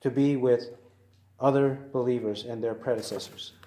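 A man's voice: medium pitch, steady tone, warm tone. Man teaching Bible in an echoey room. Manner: deliberate, slows to read verses aloud. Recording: roomy echoey recording.

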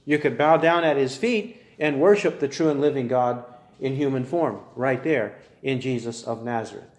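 A man preaching a sermon, building his points through earnest, measured rhetorical questions. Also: mid-range voice, echoey room.

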